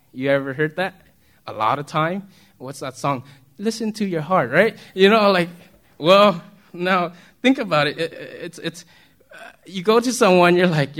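Man, pastor, casual sermon, talks with the congregation, chuckles, slightly high voice. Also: fairly bright tone. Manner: chatty, asks the congregation questions, chuckles often.

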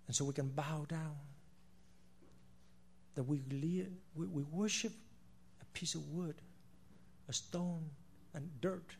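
Male preacher, high voice, impassioned delivery with big swings in volume, repetitive emphasis. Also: fairly even intonation, slow pace, gravelly, long pauses, slightly rough. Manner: impassioned, swinging between loud declarations and hushed asides; repeats phrases for emphasis, addresses listeners as "my friend". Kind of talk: sermon.

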